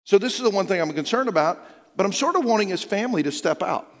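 A middle-aged man preaching a sermon as a pastor, telling stories with hushed quoted lines and rising urgency. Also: high-pitched, expressive, fast. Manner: storytelling, dropping to a hushed voice for quoted lines and rising when urging. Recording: long reverb of a large hall.

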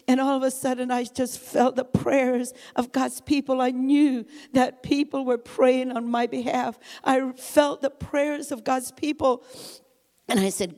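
Warm-voiced older woman, earnest testimony, reverberant hall. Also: a little high, fairly even intonation. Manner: earnest, halting, with frequent "you know" fillers. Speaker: guest speaker giving testimony. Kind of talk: spoken personal testimony. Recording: long reverb, as in a large hall.

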